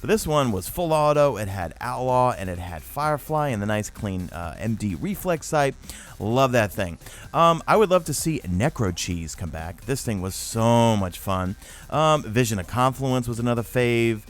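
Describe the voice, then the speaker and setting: A man from New York with a toned-down New York accent, hosting a casual gaming Q&A chat with lots of fillers. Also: medium pitch. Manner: animated, fast-talking with many fillers. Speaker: YouTube gaming host.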